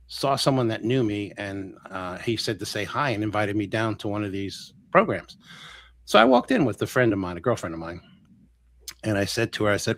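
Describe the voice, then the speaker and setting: A man talking casually as a guest on a live interview show, retelling a personal story with lots of acted-out quotes and quick restarts. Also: lowish voice. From Florida. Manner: animated, acts out quoted voices, restarts often. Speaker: guest healer.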